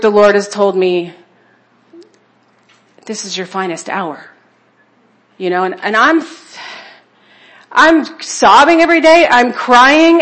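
A woman speaking at a church conference, sharing personal testimony in an emotional, conversational way and checking in with her listeners. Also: a little high.

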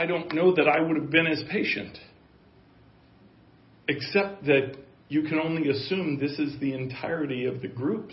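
Man, pastor, sermon, emphatic repetition, muffled lo-fi sound. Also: a little high. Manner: emphatic, repeats key phrases for weight. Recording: echoey, dull lo-fi room sound.

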